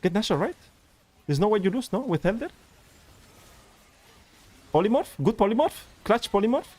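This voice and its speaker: Young man, game coach, exasperated, animated, slightly high voice. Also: normal speed. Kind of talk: live-streamed gameplay review.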